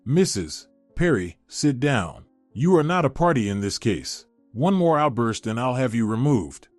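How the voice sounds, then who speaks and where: A man voicing a stern, composed woman judge who speaks in a firm, measured way. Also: medium pitch, big pitch swings, darkish tone, no room sound, faint music behind.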